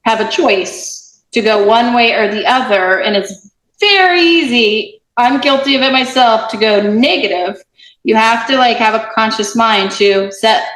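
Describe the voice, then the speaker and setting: A woman's voice: fairly high pitch, fairly bright tone, echoey room, poor audio. A woman guest talking casually and reflectively, with many fillers and restarts. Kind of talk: casual conversation.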